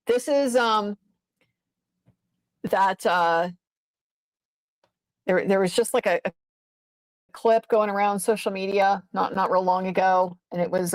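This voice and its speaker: A woman's voice: medium pitch, no echo, poor audio. A woman lawyer giving casual, profane, exasperated commentary on a court case, rambling at times.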